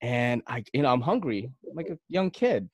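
A man's voice: medium pitch, very animated, normal speed, a little mellow, slightly rough, dry recording, highs cut off. Rambling, laid-back man hosting a podcast. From Philippines. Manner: rambling storyteller, many fillers and restarts. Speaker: podcast host. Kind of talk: casual podcast chat.

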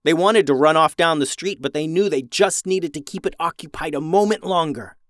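A man reading a children's adventure story aloud, with lively voices for the characters. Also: a little high, a little fast, dry recording, clean studio sound. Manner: animated, raises voice for characters' lines.

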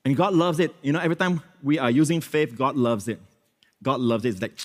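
A man's voice: mid-range voice, brisk. Reverberant preaching man, emphatic and repetitive. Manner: emphatic preaching, swinging between loud exclamations and hushed prayer; repeats phrases, frequent hallelujahs and amens. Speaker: pastor. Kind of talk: sermon. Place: church.

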